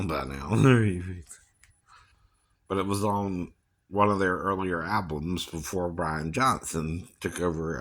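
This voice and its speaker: A man's voice: low voice, fairly bright tone. A man vlogging in a rambling casual monologue, chuckling often and ending lines with a questioning tag. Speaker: vlogger and singing impersonator.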